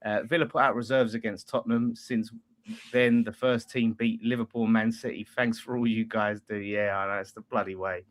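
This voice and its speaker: A man's voice: fairly low pitch, steady tone, normal speed. Chatty man reading fan messages. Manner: chatty, laughs often, reads messages aloud. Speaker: fan channel host reading super chats. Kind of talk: casual post-match chat.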